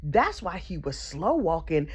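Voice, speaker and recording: A woman's voice: deep voice, big pitch swings, a little slow, husky. A woman telling a comedic gossip story, chatty and sassy, full of mock outrage and asides to the listener. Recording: slightly dull lo-fi audio.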